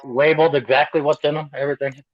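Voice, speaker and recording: A man chats easily on a group call, matter-of-fact and quick to chuckle. His slightly high voice comes through muffled, lo-fi call audio. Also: level tone, a crowd in the background. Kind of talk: casual chat.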